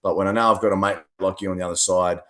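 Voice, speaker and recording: An Australian man co-hosting a podcast, chatting in a lively, rambling way and often repeating words. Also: low voice, racing. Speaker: co-host. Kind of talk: casual podcast chat.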